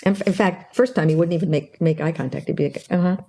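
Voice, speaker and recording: Older woman with a gravelly, mellow voice. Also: sits low, quick pace. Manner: animated storyteller, acts out quoted dialogue. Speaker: guest expert on interpersonal skills. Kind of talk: explanatory interview talk.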